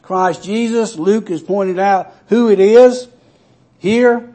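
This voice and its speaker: A man delivers a sermon. He talks through the text casually, pausing on fillers, and raises his voice when he quotes verses. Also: high-pitched, warm tone. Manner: conversational preaching with frequent "uh" fillers, rising for scripture readings. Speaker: preacher.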